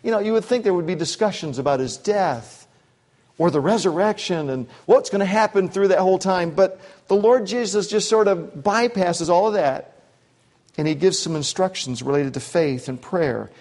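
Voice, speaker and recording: A man's voice: high-pitched, moderate pace, darkish tone. Conversational man preaching a sermon. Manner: conversational with asides and quoted voices. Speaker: pastor. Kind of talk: expository sermon.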